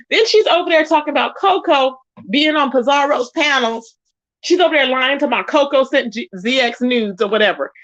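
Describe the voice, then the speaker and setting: A sassy woman dishes gossip to her live chat. Her voice sits high and swings widely in pitch. The recording is dry and a little dull. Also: dry recording. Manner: sassy, animated, greets chat viewers. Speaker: commentary vlogger. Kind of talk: casual gossip commentary.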